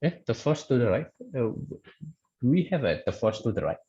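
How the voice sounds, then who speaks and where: A man's voice: mid-range voice, very animated, fairly quick, dark tone, dull audio. A man teaching a statics lecture online, hesitant, with many fillers and restarts, often checking in with "okay".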